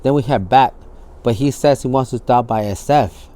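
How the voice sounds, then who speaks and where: Man with an average-pitched voice, giving a candid interview, acting out the scenes and swearing as he goes. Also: normal speed, dark tone. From San Francisco Bay Area. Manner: vivid storytelling, acts out scenes, swears freely.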